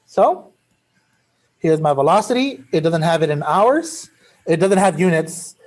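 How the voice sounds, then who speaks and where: A man's voice: fairly high pitch, expressive, unhurried, a little mellow. A male math teacher giving a classroom lecture in a casual, joking way, drifting into chatty asides.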